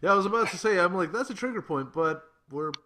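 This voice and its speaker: A man as a podcast guest, weighing a point in measured, analytical casual chat. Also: sits high, animated, sharp tone.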